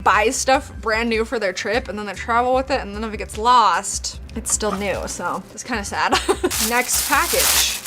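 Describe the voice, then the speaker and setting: A woman's voice: a little high, a bit bright. A young woman hosting a casual unboxing vlog, bubbly and laughing often. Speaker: vlogger host.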